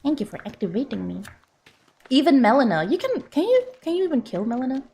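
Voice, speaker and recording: A woman's voice: high voice, sing-song, fast, mellow. A woman game streamer chatting casually as she plays, reading out and answering viewer messages. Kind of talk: casual live-stream chat while playing.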